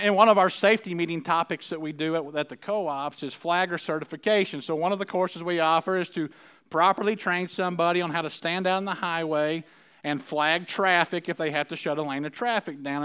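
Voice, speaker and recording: Middle-aged man preacher, folksy and chatty, smooth, slightly high voice. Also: brisk, a bit bright. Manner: conversational, folksy, checks in with the audience often. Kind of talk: sermon.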